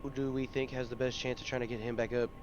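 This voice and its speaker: A man's voice: mid-range voice, flat delivery, fast talker, dull audio, slight background noise. A man playing a tabletop role-playing game, thinking aloud and hesitating with fillers. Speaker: player. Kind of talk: casual chat during a tabletop game.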